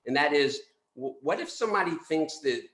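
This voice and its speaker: A man's voice: fairly high pitch, lively intonation, fairly quick, fairly bright tone, echoey room. A man, a guest analyst, talking through a stock in casual market commentary, thoughtful and hesitant with many restarts.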